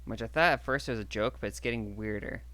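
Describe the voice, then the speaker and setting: A man's voice: lowish voice, quick pace, bright, forceful tone. A man playing a blunt, protective woman who talks in a frank, exasperated way.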